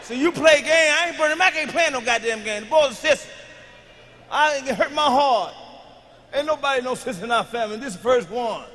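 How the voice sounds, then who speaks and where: Brief: bright, high-pitched man working a stand-up crowd, profane and shouting, with a long arena echo. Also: a little fast, slight background noise. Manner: loud, profane, shouting punchlines. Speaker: stand-up comedian. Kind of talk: stand-up routine. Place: large arena stage with live audience. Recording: live arena recording with long reverb.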